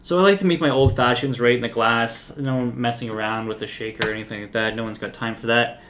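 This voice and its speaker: A man of ordinary, middle pitch hosts a spirits review in an easygoing, unscripted way. He talks with lots of "like" and "um" fillers, relaxed and conversational. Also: fast, background noise. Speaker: whiskey reviewer host. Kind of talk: casual review talk.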